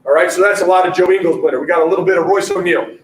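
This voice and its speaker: Male basketball coach presenting at a conference, high voice, punchy catchphrase delivery, echoey distant room mic. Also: rapid-fire, slight background noise. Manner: energetic, punchy, repeats catchphrases, keeps asking "all right?".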